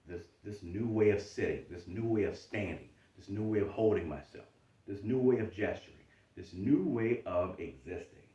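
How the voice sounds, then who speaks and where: A man coaching on self-improvement in a monologue, animated, sometimes mocking his own doubts in a higher voice. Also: normal speed. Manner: animated, acts out inner doubting voice in high mocking tones. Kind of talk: explanatory monologue. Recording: dull roomy sound from mic at a distance.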